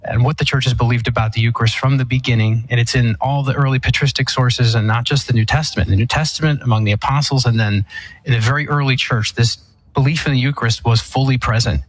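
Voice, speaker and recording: A man, an Eastern Catholic priest, answering listener questions on a call-in radio show in a measured, explanatory way. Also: mid-range voice, slightly rough, rough recording.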